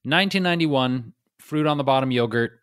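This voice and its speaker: Hombre contando anécdotas con humor. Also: male voice, mid-range voice, a little fast, clear, resonant tone, dry recording, clean studio sound. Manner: animated, lots of "like". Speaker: podcast co-host. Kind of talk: casual comedic storytelling.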